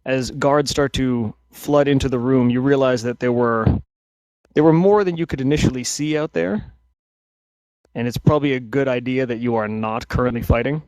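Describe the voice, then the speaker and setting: A man's voice: medium pitch, normal speed, a little mellow, dry recording. A man narrating a tabletop game as game master, often restarting and hesitating mid-sentence.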